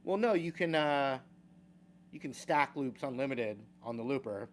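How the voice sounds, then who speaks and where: A man's voice: mid-range voice, expressive, slight background noise. Laid-back man reading viewer names. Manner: slow, easygoing, chuckles between names. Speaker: guitar teacher and livestream host. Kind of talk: casual livestream chat, reading out viewer names.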